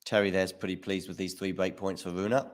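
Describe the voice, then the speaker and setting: A man giving casual live commentary on a tennis match, chatty and getting excited on big points. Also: deep voice, a little fast. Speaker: watchalong commentator.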